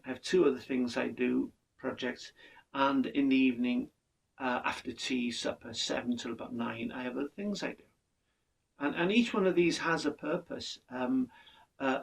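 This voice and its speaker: Gravelly older man musing. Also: on the high side, recorded from a distance, poor audio. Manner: earnest, measured, with repeated restarts. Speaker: podcast speaker. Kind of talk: reflective monologue.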